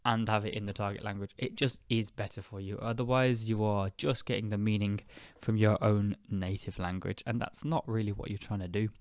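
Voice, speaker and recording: A young British man hosting an English-learning podcast, speaking slowly and clearly in a chatty, relaxed way with fillers. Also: fairly low pitch, no room sound, studio quality. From United Kingdom. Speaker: podcast host and English teacher. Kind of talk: casual spoken lesson.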